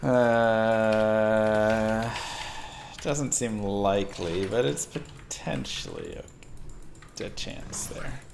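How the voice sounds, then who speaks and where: A man's voice: fairly low pitch, big pitch swings, drawn-out words, vocal fry, pauses often, noisy background. A man streaming a game, chatting and joking with viewers as he plays. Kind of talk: casual gameplay commentary.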